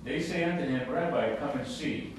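A man in a class reading scripture aloud at a steady, plain pace. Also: medium pitch, moderate pace, a little hiss or hum. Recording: echoey room from far off.

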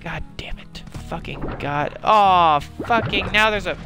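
A high-pitched man talks slowly through a live game stream, grumbling and swearing under his breath at what happens on screen. Loud game music plays behind his voice. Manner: frustrated, swearing, muttering to himself; panicked, shouting. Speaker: gaming streamer. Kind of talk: live gameplay commentary.

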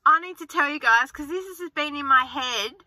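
A woman in her forties rambles cheerfully to her vlog viewers while sitting in her car, filming on a handheld phone. Her voice is very bright and sharp, and the sound is dry and close. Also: high voice, moderate pace, no room sound. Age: 40s. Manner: chatty, rambling, upbeat. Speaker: frugal-living vlogger. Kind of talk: casual chatty vlog. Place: inside a car.

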